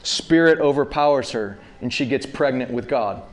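A man in his thirties preaching a sermon, talking casually to the congregation and building to loud, impassioned peaks. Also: mid-range voice, animated, normal speed. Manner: rising to loud impassioned peaks, calls to the audience.

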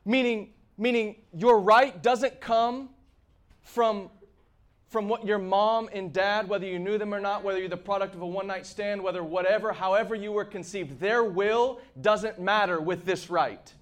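Male preacher, high voice, impassioned sermon, shouts and hushed asides. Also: a little slow.

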